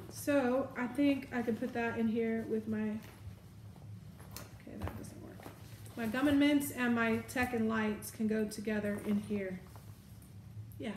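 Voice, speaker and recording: A woman vlogger with hiccups thinks aloud while packing her bag in a casual show-and-tell. Her voice is on the high side with a darkish tone, heard in a reverberant space with slight background noise.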